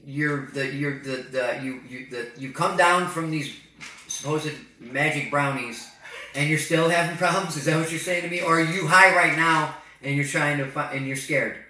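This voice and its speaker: A man playing a patient, deadpan crisis hotline operator who answers with hesitant fillers. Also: fairly high pitch, moderate pace. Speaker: prank call partner. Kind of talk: prank call comedy. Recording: echoey and distant with faint noise.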